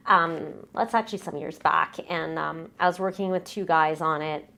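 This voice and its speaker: A young woman singer being interviewed in a casual chat. She recalls stories hesitantly and laughs softly. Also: low-pitched, moderate pace, vocal fry. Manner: hesitant, many fillers and restarts, soft laughs.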